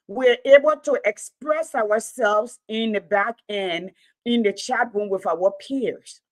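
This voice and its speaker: A woman co-hosting a livestream discussion, emphatic and repeating words as she builds her point. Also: mid-range voice.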